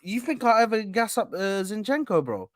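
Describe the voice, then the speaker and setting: A man hosting a live football reaction panel, animated and talking over the others with lots of "bro". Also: high-pitched, normal speed, dry recording, clean studio sound. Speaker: host of an Arsenal reaction stream. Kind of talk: casual live panel chat.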